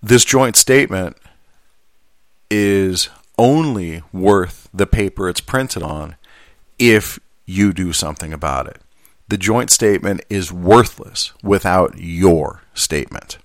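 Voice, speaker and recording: Low-voiced guy reading a union statement then just talking it through, earnest, dry close sound. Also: takes it slowly, dry recording. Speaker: union steward and mail carrier. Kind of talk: reading a statement aloud, then casual commentary.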